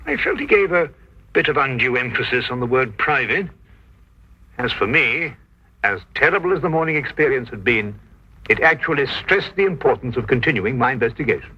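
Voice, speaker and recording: Reflective Dr. Watson. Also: male voice, mid-range voice, lively intonation, bright, forceful tone, breathy edge. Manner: measured, reflective. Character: Dr. Watson narrating, reflective Victorian doctor. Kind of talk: scripted narration. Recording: dull lo-fi 1950s TV soundtrack.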